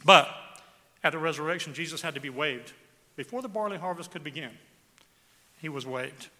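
A man delivers a sermon in a bright, forceful, slightly high voice. He reads scripture with heavy emphasis and draws out the key words. His voice rings through a large church hall with a long echo. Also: moderate pace. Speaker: pastor.

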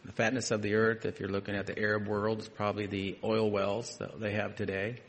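Man preaching with quiet asides. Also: lowish voice, completely flat delivery, fairly quick, slight background noise. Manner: reads scripture aloud, then adds conversational asides, dropping to quiet emphasis. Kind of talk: sermon.

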